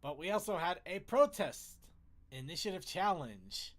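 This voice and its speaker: A podcast host with a high-pitched, slightly slow voice and big pitch swings runs a casual online panel show. He rambles through the segments, laughs often, and restarts his words.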